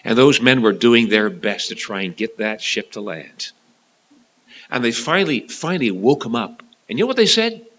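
A man preaching a sermon, dramatic, swinging from loud to hushed and often repeating and restarting words. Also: fairly low pitch, animated, normal speed, dull audio.

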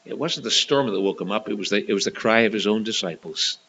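A man preaching a sermon, dramatic, swinging from loud to hushed and often repeating and restarting words. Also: on the low side, quick pace, a little hiss or hum, poor audio.

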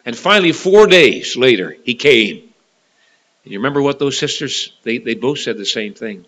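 A man preaching a sermon, dramatic, swinging from loud to hushed and often repeating and restarting words. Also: medium pitch, animated, normal speed, low-quality recording.

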